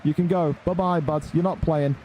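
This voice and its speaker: Young guy ranting at his stream chat, cursing a lot, mellow dark voice, bit of hiss behind. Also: on the high side, steady tone, normal speed. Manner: irritated, swearing, scolding. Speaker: esports tournament streamer.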